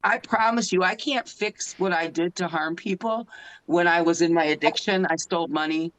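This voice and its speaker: A woman's voice: fairly low pitch, moderate pace, a bit bright, rough recording. Earnest middle-aged woman giving a talk. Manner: earnest, emotional, keeps asking the audience "right?". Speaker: guest speaker and advocate. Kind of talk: impassioned public talk. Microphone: phone.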